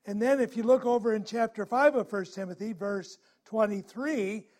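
A man's voice: sits high, moderate pace, a little mellow. A male preacher giving a sermon through a personal story, talking conversationally and asking his listeners questions, growing more urgent at tense moments.

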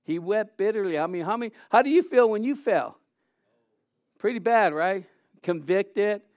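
Male preacher, high and smooth voice, dry close sound; animated, reads scripture, quizzes the room. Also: normal speed, no echo, lo-fi sound. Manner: animated, acts out scenes, asks the audience questions. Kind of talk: sermon with scripture reading.

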